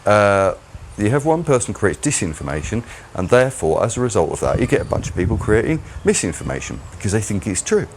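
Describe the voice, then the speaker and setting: A man's voice: fairly low pitch, big pitch swings, a little fast, noisy background. A man hosting his own channel, delivering a rambling, mocking solo commentary. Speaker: channel host.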